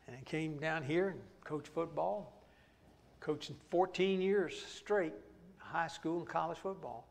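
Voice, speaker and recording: High-voiced preacher in a hall. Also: male voice. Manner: folksy storytelling with sudden shouts. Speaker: pastor. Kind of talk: Bible study sermon. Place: church auditorium.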